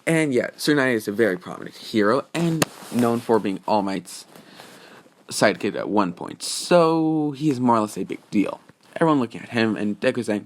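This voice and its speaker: A man's voice: mid-range voice, lively intonation, fairly quick. A man casually narrating a fan-made story, rambling, restarting sentences and padding with "just saying".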